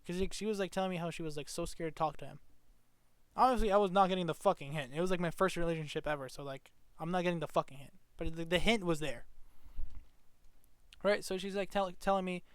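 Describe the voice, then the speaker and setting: A man's voice: sits high, fast talker, clean tone, no echo. A man telling a personal story to the camera in a casual, rambling way, full of restarts and swearing. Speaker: vlogger.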